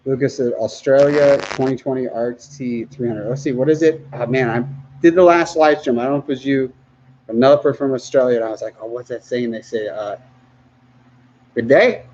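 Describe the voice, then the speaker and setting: A man hosting a casual livestream, reading viewer comments aloud in a relaxed way, often laughing and trailing off mid-sentence. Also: medium pitch, fast, lo-fi sound, slight background noise.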